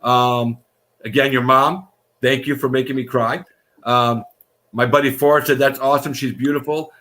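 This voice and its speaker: A man's voice: mid-range voice, steady tone, moderate pace, pushed and bright. A man hosting a casual live-streamed fighter interview show, effusive and rambling, with casual swearing.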